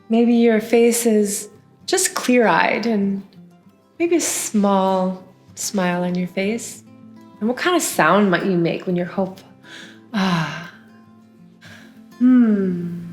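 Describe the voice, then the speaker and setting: A woman from the United States teaches a songwriting lesson to young children, her voice sing-song and encouraging, breaking into playful little sounds. She sits at a mid pitch for a woman. The room is echoey, with faint music underneath.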